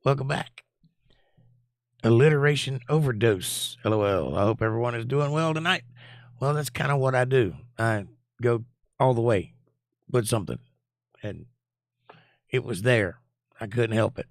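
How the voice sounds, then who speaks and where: Hoarse man with a gravelly, scratchy voice. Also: moderate pace, pauses often, dry recording, clean studio sound. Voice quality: scratchy, low. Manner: laid-back, jokey, reads chat messages aloud. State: hoarse, voice almost gone. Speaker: live stream host reading chat. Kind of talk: casual chat.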